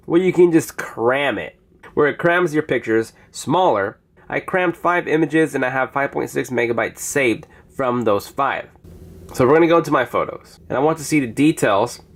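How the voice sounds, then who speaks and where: A man's voice: medium pitch, expressive, normal speed. A man casually reviewing phone apps, chatty as he demonstrates each one on screen. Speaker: app reviewer. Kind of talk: casual app review narration.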